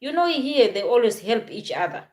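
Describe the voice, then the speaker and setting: Woman in her forties, from southern Africa, casual vlog talk, halting and repetitive. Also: a little high, big pitch swings, a little mellow. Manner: halting, repeats and restarts phrases. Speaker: vlogger.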